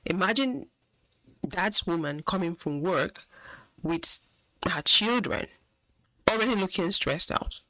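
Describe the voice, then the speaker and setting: Earnest woman commenting, lowish voice. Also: animated, slow pace, long pauses, sharp tone, dry recording, rough recording. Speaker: channel host.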